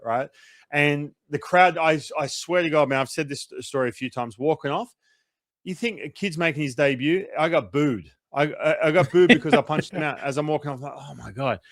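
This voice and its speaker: A man, a former pitcher, telling a long story in a casual interview, animated and acting out quotes. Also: dry recording, clean studio sound. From Australia. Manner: animated, acts out quotes, swears, fast run-on storytelling. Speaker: former baseball pitcher, guest.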